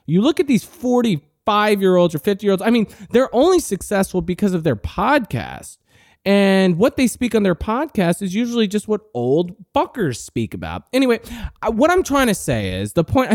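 In this comic ranting monologue, a teenage podcast host, late teens, goes on a brash, profane, mock-arrogant tirade. He speaks in a high, sing-song, slightly mellow voice at a moderate pace, captured dry at studio quality.

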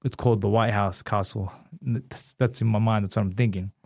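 A man from Australia telling a long personal story as an interview guest, animated and acting out what others said. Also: fairly low pitch, a little fast, creaky. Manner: animated, acts out quotes. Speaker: guest, former boxing champion.

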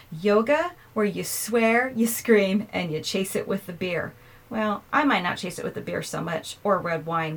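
A woman hosting a podcast who rambles along in a chatty, offhand way and pokes fun at herself. She laughs easily and keeps things casual while recording herself at home. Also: mid-range voice. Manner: chatty, self-mocking, laughs often. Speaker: podcast host. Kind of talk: casual chat. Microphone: earphones in, recording herself.

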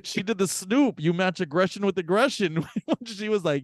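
A man's voice: high voice, lively intonation, moderate pace, no room sound, studio quality. Laughing, profane man hosting a podcast. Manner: laughing storyteller, loose and profane. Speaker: podcast host. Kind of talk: casual chat.

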